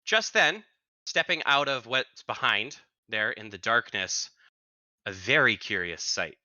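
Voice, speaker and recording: A man narrating as game master in an animated, descriptive way. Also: mid-range voice, unhurried, no echo.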